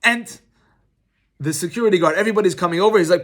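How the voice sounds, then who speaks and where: A man's voice: sits high, fast talker. A middle-aged man, a rabbi, giving an informal Torah class, teaching through conversational personal stories. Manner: conversational, storytelling, animated.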